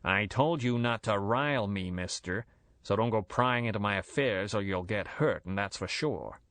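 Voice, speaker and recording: Touchy gangster boss, curt and menacing, low and dry, as a male narrator puts him on. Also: moderate pace, a bit bright, no echo, natural voice. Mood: threatening. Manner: curt, blunt, threatening.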